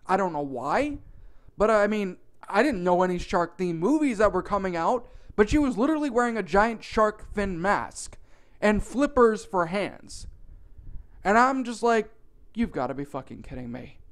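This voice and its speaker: Guy with a pretty high voice ranting thru a crazy storytime, swears a lot, super animated. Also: moderate pace. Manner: animated, profane, exaggerated retelling. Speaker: storytime narrator. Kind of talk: comedic storytime narration.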